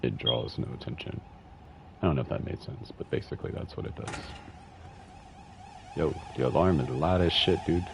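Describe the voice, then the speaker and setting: Very deep gravelly man streaming a game. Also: normal speed, long pauses. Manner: relaxed, swears casually, hums and reads game text aloud. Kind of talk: casual gameplay commentary. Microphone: headphones and desk mic. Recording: slightly muffled stream audio with faint hiss.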